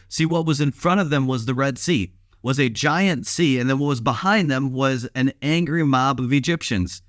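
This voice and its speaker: A male pastor giving a short daily devotional, preaching in a relaxed, conversational way with some filler sounds. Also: mid-range voice, normal speed, hardly any pauses, no room sound, studio quality.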